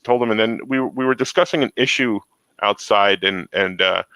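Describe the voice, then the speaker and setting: A man's voice: lowish voice, moderate pace, pushed and bright, no echo, poor audio. A man hosting a casual chat, telling long rambling stories. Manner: rambling storyteller. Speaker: host.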